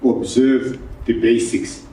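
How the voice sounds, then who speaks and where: A man gives measured, reflective remarks at a book launch, speaking slowly in a very dark tone. He sits some distance from the mic, and his voice echoes through the hall. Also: medium pitch. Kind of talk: prepared public remarks. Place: event hall in Harare.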